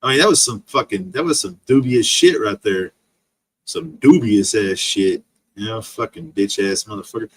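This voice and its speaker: A man's voice: lowish voice, expressive, moderate pace, slightly rough. A man streaming an angry, profane rant full of insults. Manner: profane, insult-laden ranting.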